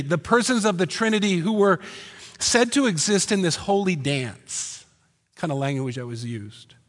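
Man, pastor, sermon, animated rhetorical questions, high voice, hall reverb.

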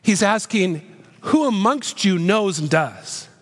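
A man in his fifties preaches with earnest emphasis, his voice pitched high for a man. He presses each point with repeated rhetorical questions. The sound carries a long reverb from a large church hall. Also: sing-song, slow, fairly bright tone. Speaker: pastor. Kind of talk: sermon.

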